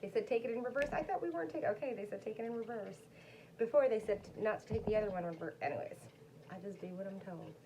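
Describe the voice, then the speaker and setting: Talking fast in a mid-range voice over a noisy background, a woman does a chatty, meandering tarot reading for her viewers. Between cards she stops to talk to her dog.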